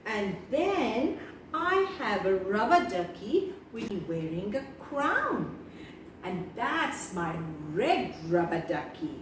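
A woman reading a children's story aloud in an animated, sing-song way, speaking to young children. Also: medium pitch, slow pace. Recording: echoey room, far from mic, noisy.

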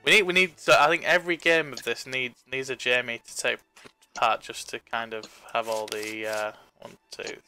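Bright-voiced man hosting a game. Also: medium pitch, fairly even intonation, normal speed, faint music behind. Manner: chatty, laughing, storytelling asides. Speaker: game host. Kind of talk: casual tabletop game chat.

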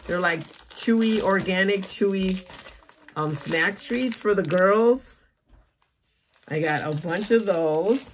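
A young adult woman vlogging as she opens a mail package, gushing with excited exclamations. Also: medium pitch, slow pace, slight background noise. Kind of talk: casual unboxing vlog.

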